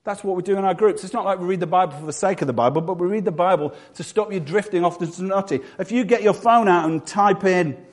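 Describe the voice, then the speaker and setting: A man from England preaching a sermon with humor, acting out quick voices and quotes. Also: high-pitched.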